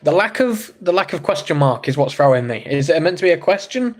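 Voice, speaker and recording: Very animated and brisk, the English livestream host speaks in a slightly high voice. He chats casually, cracks jokes with viewers, and reacts to the chat comments he reads aloud.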